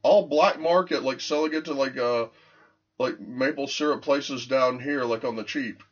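A man's voice: medium pitch, moderate pace, muffled recording. A man co-hosting a casual podcast, ranting in a profane, rambling way. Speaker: podcast co-host.

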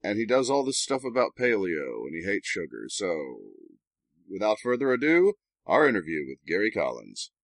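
Deadpan low-voiced podcast host. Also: male voice, normal speed, dry recording. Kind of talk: casual podcast talk and read ads.

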